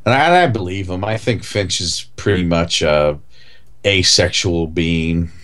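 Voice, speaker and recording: A man's voice: low voice, measured pace, fairly bright tone. A man co-hosting a casual chat, rambling with lots of "like" and "you know". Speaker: podcast co-host.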